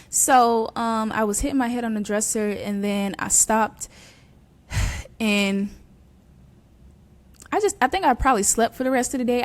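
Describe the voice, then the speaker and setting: Earnest young woman sharing her testimony. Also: medium pitch. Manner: earnest and conversational, many fillers. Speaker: podcast host. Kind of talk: personal faith testimony.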